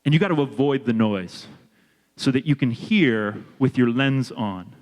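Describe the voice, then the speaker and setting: A man giving an energetic motivational leadership talk to students, drawing the audience in. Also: medium pitch, measured pace. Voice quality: energetic, animated and audience-engaging. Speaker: leadership speaker. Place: large hall with a student audience. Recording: reverberant hall with a long echo.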